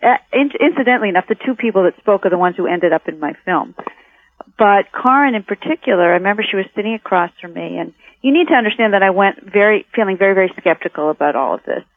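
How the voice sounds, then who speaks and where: A woman's voice: mid-range voice, animated, quick pace. A woman who makes documentary films, answering interview questions in a reflective way with frequent restarts. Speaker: documentary filmmaker, guest. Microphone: telephone. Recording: tinny phone line.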